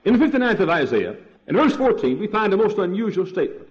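A man preaching an old-fashioned sermon, repeating his points and rising to shouts on key words. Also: sits high, big pitch swings, quick pace. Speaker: pastor. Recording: dull lo-fi 1968 sermon tape.

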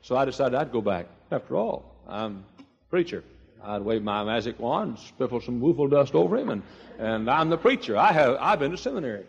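A man's voice: medium pitch, a little mellow, husky, long reverb tail, muffled recording. A man preaching a sermon, telling stories and acting out voices, with many restarts. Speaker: pastor. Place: church sanctuary.

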